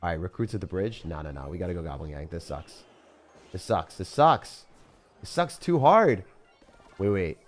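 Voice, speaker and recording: A man giving live gameplay commentary as a streamer, casual and jokey, with sudden loud excited outbursts. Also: on the low side. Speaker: game streamer.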